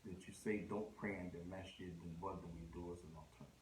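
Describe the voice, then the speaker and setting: A man's voice: low-pitched, fairly even intonation, fast talker, reverberant, a little hiss or hum, rough recording. A man giving a conversational religious lecture, mixing in Arabic phrases and restarting his sentences. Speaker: Islamic lecturer.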